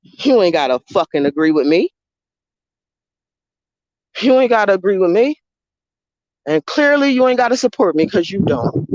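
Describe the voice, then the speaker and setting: A woman's voice: medium pitch, no echo, highs cut off. Woman ranting heatedly into a phone. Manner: heated, profane, repetitive. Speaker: livestreamer. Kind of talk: live-streamed rant to viewers.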